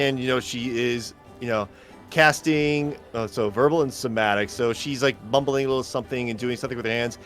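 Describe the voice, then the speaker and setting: A man's voice: medium pitch, brisk, fairly bright tone, faint music behind. A man running a tabletop game as game master, narrating casually and thinking aloud.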